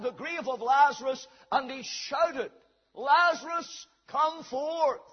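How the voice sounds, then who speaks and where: High, husky preacher. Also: male voice. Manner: storytelling preacher who acts out the scenes with raised, drawn-out calls. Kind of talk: sermon. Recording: dull, muffled lo-fi sound.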